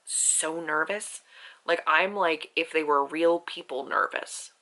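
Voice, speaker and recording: A woman's voice: sits low, vocal fry, pushed and bright, low-quality recording. A young adult woman, an author and book vlogger, reacting emotionally to a novel in a casual, rambling way. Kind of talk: casual reading vlog.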